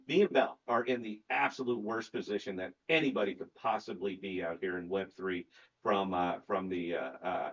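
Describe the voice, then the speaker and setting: A man's voice: on the low side, muffled recording. A man hosting a casual crypto podcast, loose and jokey, rambling with lots of restarts. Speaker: podcast host.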